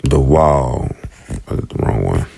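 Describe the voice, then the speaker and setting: A man with an African American English accent teaching the Hebrew alphabet in a casual lesson, slowly repeating each letter's sound. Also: extremely low pitch, expressive, vocal fry, warm tone, a little hiss or hum. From United States.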